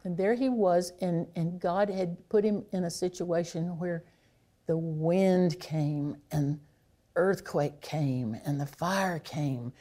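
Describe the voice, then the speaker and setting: A woman preaching a sermon, reflective and unhurried, sinking to a near hush on key phrases. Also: on the low side.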